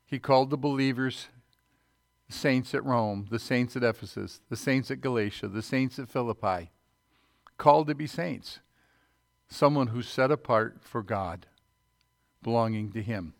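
A man's voice: mid-range voice, a little slow, creaky, pauses often, no echo, clean studio sound. A man preaching a sermon, reading scripture aloud and checking in with his listeners.

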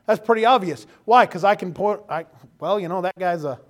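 A man's voice: high voice, normal speed. A man preaching a sermon in a folksy, joking way, acting out quoted voices. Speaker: pastor.

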